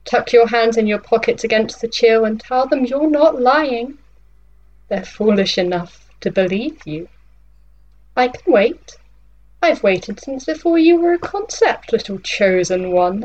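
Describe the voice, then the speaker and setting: A woman voicing a sinister, patient nightmare villain in a dramatic monologue poem, speaking slowly and tauntingly. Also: a little high, darkish tone, muffled recording, a little hiss or hum. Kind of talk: dramatic monologue poetry reading.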